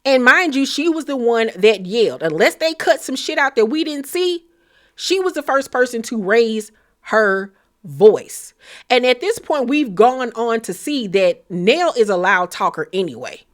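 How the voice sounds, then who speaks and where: A woman giving a blunt, profane, animated recap of a reality show in casual commentary. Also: fairly high pitch, a little slow.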